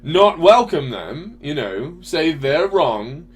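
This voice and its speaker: A man's voice: a little high, big pitch swings, takes it slowly, breathy edge. Profane ranting man, casual chat. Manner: profane, ranting, rhetorical questions. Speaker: podcast host.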